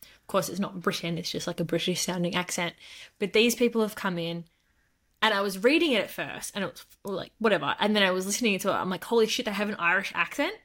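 A woman co-hosting a book and film podcast, chatting casually and acting out quotes with lively shifts of voice. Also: on the low side, fast. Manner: animated, acts out quotes in voices. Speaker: podcast co-host. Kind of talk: casual chat.

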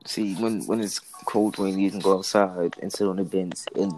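A man's voice: deep voice, steady tone, normal speed, over music, poor audio. A man co-hosting a casual podcast chat, teasing and arguing with his friends. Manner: teasing, argumentative. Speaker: co-host.

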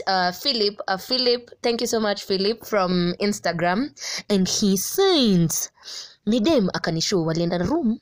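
A young Kenyan woman hosting a casual podcast, lively and laughing often, mixing English with Swahili slang. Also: mid-range voice, dry recording. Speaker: podcast host.

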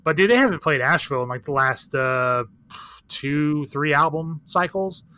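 A man's voice: on the high side, expressive, moderate pace, pushed and bright, no echo. A man talking as a podcast guest in a candid, rambling, profane casual chat full of fillers. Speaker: guest, record shop owner.

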